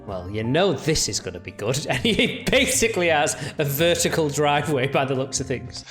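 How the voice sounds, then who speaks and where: A man's voice: on the high side, very animated, takes it slowly, a bit bright. A young man giving chatty, mocking reaction commentary on video clips. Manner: chatty, jokey, mocking asides.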